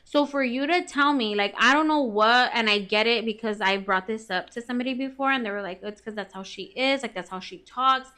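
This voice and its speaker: A woman's voice: a little high, a little fast, hardly any pauses, pushed and bright. A woman in her thirties, telling a story in casual podcast chat, full of "like" and swearing, acting out what people said. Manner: chatty, says "like" constantly, swears, acts out quoted lines. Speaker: podcast co-host.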